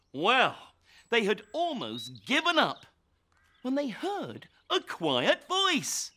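A man narrating a children's story in a playful, expressive way, inviting children to join in. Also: extremely high pitch, extremely slow, pauses often. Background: children's music.

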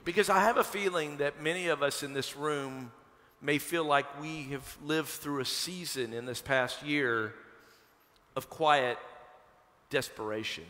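A man from Kentucky, a pastor, preaching a sermon and telling a personal story in a conversational, animated way. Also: fairly high pitch, measured pace. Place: church sanctuary. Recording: long hall reverb from a church sanctuary.

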